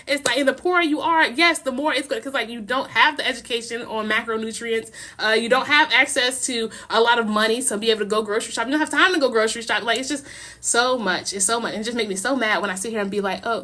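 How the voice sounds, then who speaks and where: A young American woman hosting a casual livestream, talking in a rambling, passionate way with quick laughs and many restarts. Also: a little high, bright, forceful tone. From United States. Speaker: livestream host.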